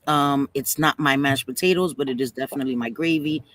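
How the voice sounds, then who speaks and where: A woman's voice: rumbling low, fairly quick, a bit bright. A woman hosting a casual livestream, chatty and affectionate with viewers, at times fighting back tears. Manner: chatty, calls viewers sweetie pie. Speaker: livestream host.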